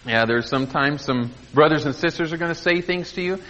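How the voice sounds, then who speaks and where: A middle-aged man preaching a sermon in a folksy, earnest way, laughing softly at his own asides. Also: on the high side, a little fast. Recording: muffled echoey church recording.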